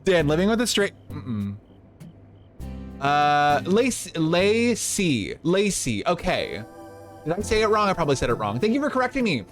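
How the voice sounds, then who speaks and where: Male game streamer, high and very animated pitch, casual rambling chat, faint music underneath. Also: moderate pace, pauses often. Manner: bubbly, chatty, rambling, thanks viewers warmly. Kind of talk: casual live-stream chat while playing.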